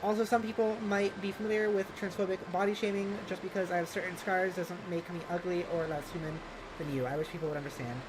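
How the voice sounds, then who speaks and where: A woman's voice: lowish voice, steady tone, fast talker, background noise. A woman co-hosting a game stream, chatting playfully with her partner and reading out comments from chat. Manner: playful, giggly, reads chat aloud. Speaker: streamer co-host.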